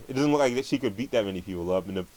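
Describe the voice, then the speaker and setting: Profane ranting man with a low voice. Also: lively intonation, very fast, a little mellow, rough recording. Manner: profane, rambling, stumbling restarts. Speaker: vlogger ranting about movies. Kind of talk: angry profane movie rant.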